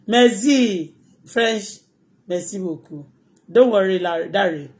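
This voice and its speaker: A Nigerian woman with a Yoruba accent hosting her own live stream, ranting excitably and mixing English with Yoruba. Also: medium pitch. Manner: excitable, switching between English and Yoruba, bursts of shouting and laughter. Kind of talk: animated live-stream rant.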